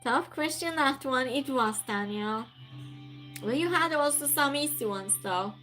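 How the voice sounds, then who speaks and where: Running a trivia game on a live stream, a woman chats casually, reading out viewers' messages and replying to them. She speaks at a measured pace in a high, expressive, sharp-toned voice, with faint music behind and rough recording quality.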